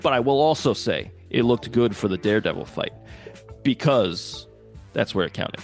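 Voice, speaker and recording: A man's voice: medium pitch, normal speed, soft background music. A man co-hosting a podcast, chatting casually and animatedly, swearing and acting out scenes. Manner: animated, swears, acts out quotes. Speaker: podcast co-host. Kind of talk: casual movie chat.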